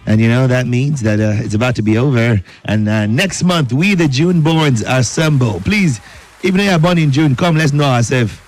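A man's voice: medium pitch, moderate pace. A man with a Nigerian accent hosting a midday radio show, joking with listeners and reading out their messages. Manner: playful, joking, reads listener messages aloud. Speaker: radio host. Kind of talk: lively radio chat. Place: radio studio.

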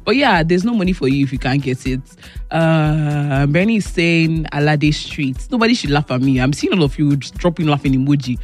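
A woman's voice: low voice, expressive, brisk, a little mellow, faint music behind. A Nigerian woman hosting a radio show, bantering playfully with co-hosts and laughing often. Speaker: radio host. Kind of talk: casual on-air banter. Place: radio studio.

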